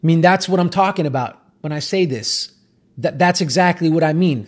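Male self-help speaker, raspy and high-pitched, casual and insistent. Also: animated, brisk, a little mellow. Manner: emphatic, repetitive, conversational. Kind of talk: motivational monologue.

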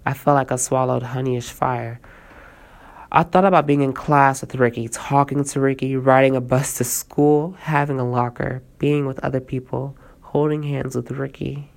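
A storyteller reads a first-person tale aloud in a gravelly, mid-pitched voice. The reading stays plain and steady, with casual asides to listeners from time to time. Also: moderate pace.

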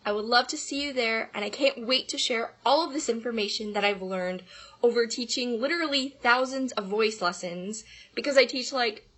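A woman's voice: fairly high pitch, normal speed, fairly bright tone, husky. A woman voice teacher giving an upbeat, enthusiastic podcast lesson on singing.

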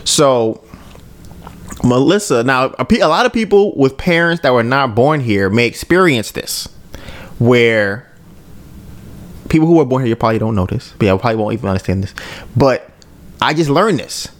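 A man's voice: medium pitch, expressive, normal speed, long pauses. A man hosting a podcast, telling a story in a casual chat, laughing often and tagging sentences with "right?". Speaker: podcast host.

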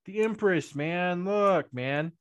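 A man's voice: high-pitched, slow pace, smooth, no echo, studio quality. A man playing a laid-back, dazed stoner in a tabletop role-play, drawling and tacking "man" onto everything he says. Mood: rambling.

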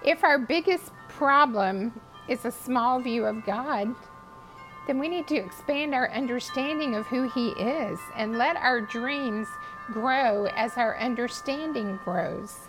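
Woman preaching a bible lesson, kinda high voice, expressive and earnest, faint music under. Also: poor audio. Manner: earnest, expressive storytelling with dramatic pauses. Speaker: speaker teaching a Bible study. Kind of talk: devotional teaching, reading scripture.

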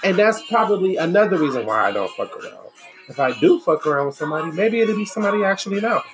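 A woman's voice: lowish voice, expressive, fast. A woman talking bluntly and profanely in an exasperated, candid monologue. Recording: music playing behind the voice. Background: music.

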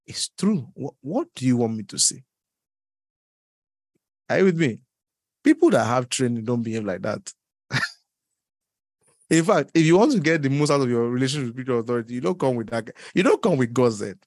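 Animated pastor with a gravelly voice. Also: male voice, brisk, long pauses, no echo, clean studio sound. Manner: animated, teasing, laughs often, leaps in pitch. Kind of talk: sermon.

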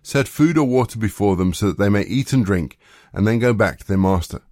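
A man reading the lines of a stern old male prophet in a grave, measured way, close to his own voice. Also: fairly low pitch, expressive, a little mellow, dry recording, lightly acted. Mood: solemn.

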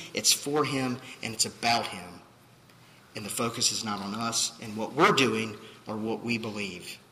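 A man's voice: mid-range voice, sharp tone, in a large hall, slight background noise, low-quality recording. Man, pastor, sermon, emphatic, rhetorical questions, faint room ambience. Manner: emphatic, rhetorical questions, acts out quoted voices.

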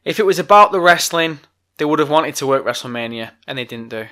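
A man's voice: a little high, expressive, quick pace, pushed and bright. A man hosting a solo wrestling podcast, ranting bluntly and swearing a lot. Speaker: podcast host.

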